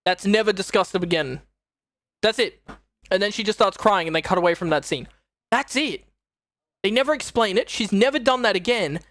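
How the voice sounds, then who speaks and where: A woman's voice: mid-range voice, moderate pace, no room sound. A young woman streaming, giving casual, profane and exasperated reaction commentary on a show. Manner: exasperated, profane, animated retelling.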